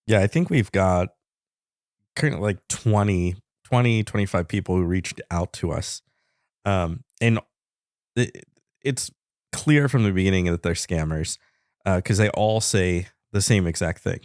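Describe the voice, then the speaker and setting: A man's voice: low voice, unhurried, darkish tone, no room sound. A man co-hosting a podcast in casual banter, telling the story in a dry, matter-of-fact way. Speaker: podcast co-host.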